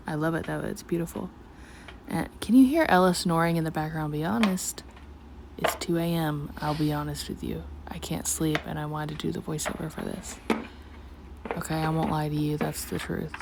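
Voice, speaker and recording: A woman's voice: deep voice, darkish tone, a little hiss or hum. A woman narrating her painting in a chatty, scattered late-night voiceover, talking to herself and slipping in and out of a country twang. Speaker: art vlogger. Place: at home at night.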